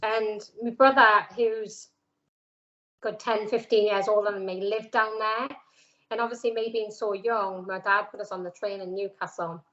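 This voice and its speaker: A middle-aged woman with a broad Geordie accent tells her story in a relaxed interview, slipping into lively quoted voices and filling gaps with "um" and "like". The sound is a little dull and muffled. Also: mid-range voice, moderate pace. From North East England. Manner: chatty, lively quoting of others, many "um"s and "like"s. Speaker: interviewee, former footballer.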